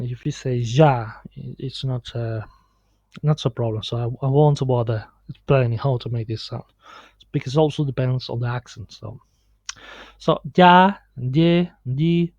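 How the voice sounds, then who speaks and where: Man, slow halting teacher, dry dull screencast sound. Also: mid-range voice, no room sound. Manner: slow, halting explanation with many fillers and restarts. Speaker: Spanish teacher. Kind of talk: screen-recorded pronunciation lesson. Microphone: computer mic on a screen recording.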